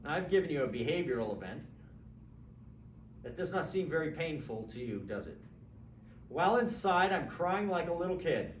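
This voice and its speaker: A man teaching an introductory philosophy class in a conversational, lively way, acting out examples and checking in with students. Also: a little high, moderate pace, pauses often. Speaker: philosophy lecturer. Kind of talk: classroom lecture. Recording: roomy, distant mic with faint background hum.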